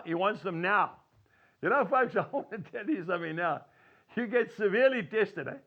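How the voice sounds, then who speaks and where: A man's voice: high voice, lively intonation, moderate pace, muffled recording. A man giving an earnest devotional talk, telling folksy stories with chuckles. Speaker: preacher.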